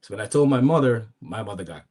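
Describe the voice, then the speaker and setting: Man telling a story in animated bursts. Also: fast, slightly rough. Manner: animated, acts out quoted voices with pitch jumps, many restarts. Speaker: podcast guest. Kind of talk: casual storytelling.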